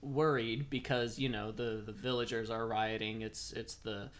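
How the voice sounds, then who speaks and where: A man's voice: mid-range voice, little pitch movement, moderate pace. A man chatting casually as a streamer while playing a game, rambling and self-deprecating. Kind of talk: casual gameplay commentary.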